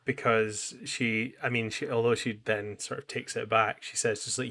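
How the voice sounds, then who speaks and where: A man's voice: medium pitch, level tone, moderate pace, gravelly, pushed and bright. A man co-hosting a podcast, chatting casually and rambling as he recaps an anime, acting out lines. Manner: rambling, self-interrupting, acts out quotes. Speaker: podcast co-host.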